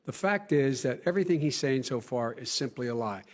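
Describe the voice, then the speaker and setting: A man's voice: medium pitch, animated, brisk, a crowd in the background, noisy background. An American man in a heated televised debate, speaking emphatically and stammering when he is cut off. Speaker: debate candidate. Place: large debate hall. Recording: long hall reverb.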